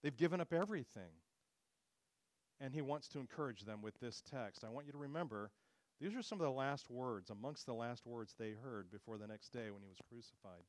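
A man delivers a sermon in an earnest, teaching manner, his voice lifting as he quotes scripture. His pitch sits in the ordinary middle range for a man. The sound is dry and close, with almost no room around it. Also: expressive, a little fast, no echo. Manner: earnest expository preaching, rising on quoted scripture. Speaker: preacher.

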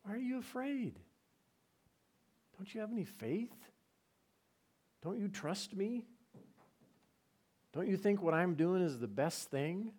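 A man voicing God as a gentle male voice asking soft, pleading questions during a sermon. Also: high voice, lively intonation, slow, long pauses, pitched above the performer's own voice, full character voice.

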